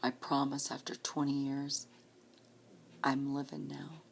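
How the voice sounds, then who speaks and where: A woman in her late forties talks straight to her viewers in a low, gravelly voice. Her delivery is slow and earnest and often drops close to a whisper. She sounds like she is holding back tears, and a faint hiss sits under the recording. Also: flat delivery. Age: 40s. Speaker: vlogger. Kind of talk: personal vlog message.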